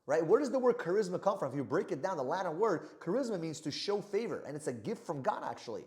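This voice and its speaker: A man giving a motivational sales talk to camera, energetic and gesturing, often checking in with "right?". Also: a little high, fast. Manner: energetic, animated delivery with frequent "right?" check-ins; moves hands and body while talking. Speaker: sales trainer.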